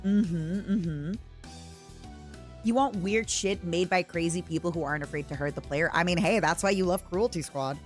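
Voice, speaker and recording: A young woman streaming casually from home, gushing and quick to laugh as she reacts to videos and chats with her viewers. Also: fairly low pitch, faint music behind.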